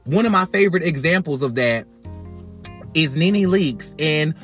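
A man hosting a podcast, ranting bluntly and profanely about reality TV in a casual, animated way, often repeating words as he goes. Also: on the high side, a little slow, faint music behind. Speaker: podcast host.

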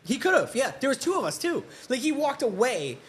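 A man's voice: very high voice, brisk, a little hiss or hum. Man telling a story, laughing along. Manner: animated storyteller, quoting people with voices. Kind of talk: casual chat.

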